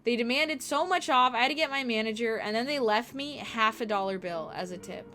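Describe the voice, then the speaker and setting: Profane, animated young woman streamer. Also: fairly high pitch, a little fast, faint music behind. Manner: animated, profane, acts out quoted people. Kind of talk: casual storytelling chat.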